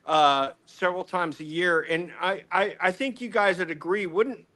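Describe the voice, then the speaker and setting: A man from Texas hosting a podcast, chatting in an animated, playful and excitable way. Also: sits high, moderate pace. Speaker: podcast host. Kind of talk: casual podcast chat.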